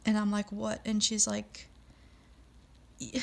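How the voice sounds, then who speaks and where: A woman's voice: mid-range voice, monotone, slow, vocal fry. A middle-aged woman telling a personal story with feeling, acting out the voices of the people she quotes.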